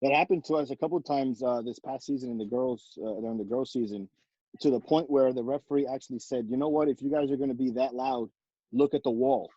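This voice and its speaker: A man with a husky, slightly raspy voice, chatting in a relaxed way as a coach on a podcast. The sound is dry and a bit dull and lo-fi. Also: mid-range voice, quick pace, dry recording. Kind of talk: casual interview chat.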